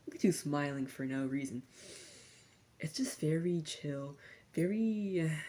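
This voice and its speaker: A young woman rambles through a sardonic, slang-heavy rant in a low voice. She talks softly for ASMR and now and then slips into whispers. Her tone is warm and relaxed. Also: measured pace. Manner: slangy, sardonic, drifting between soft talk and whispers. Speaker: vlogger.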